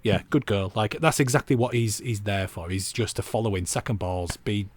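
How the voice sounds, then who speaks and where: A man's voice: fairly low pitch, brisk. A man co-hosting a football podcast, chatting casually and rambling with self-mocking asides. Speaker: podcast co-host.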